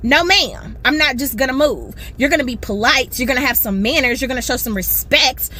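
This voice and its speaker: Animated storytelling woman in a parked car. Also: high-pitched, brisk, a little hiss or hum. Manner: animated, acts out voices. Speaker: social media storyteller. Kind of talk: storytime video.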